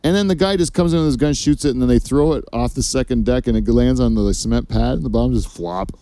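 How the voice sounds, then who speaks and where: Mellow, profane rambling male podcast host. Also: medium pitch, fast talker, no echo. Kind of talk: casual comedy chat.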